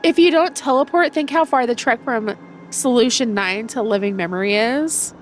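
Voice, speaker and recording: A woman's voice: fairly high pitch, normal speed, a little hiss or hum. A young woman streaming a video game, congested and chatting in a rambling way with her viewers. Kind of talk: casual let's-play commentary.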